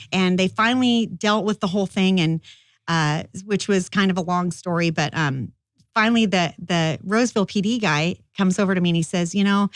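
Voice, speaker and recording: A woman's voice: mid-range voice, moderate pace, no echo. A middle-aged woman, a firearms instructor, telling her story in a casual, rambling interview with lots of fillers. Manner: chatty, rambling, many fillers.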